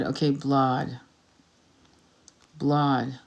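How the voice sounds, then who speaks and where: A woman's voice: fairly low pitch, unhurried. A woman hosting a casual livestream, talking while searching online, distracted and swearing, with many restarts. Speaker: tarot reader livestream host.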